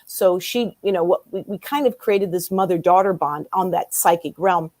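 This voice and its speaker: A woman's voice: fairly low pitch, normal speed, no room sound. A woman in her fifties, a guest in an interview, telling a personal story casually and acting out the dialogue as she goes. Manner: animated storyteller who acts out quoted dialogue.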